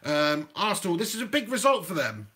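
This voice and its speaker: A man's voice: high-pitched, very animated, a little fast, bright, forceful tone. A young man co-hosting a casual football podcast, teasing and laughing as he chats. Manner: teasing, laughing, mock-serious. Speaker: podcast co-host.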